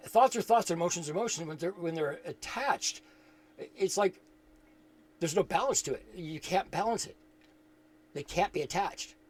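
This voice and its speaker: A man with a voice pitched a little above most men's speaks in a loose, unscripted way about inner life. He circles back on his phrases and repeats words while he thinks aloud. His tone stays earnest and reflective throughout. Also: husky. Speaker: spiritual teacher. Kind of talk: casual spiritual talk.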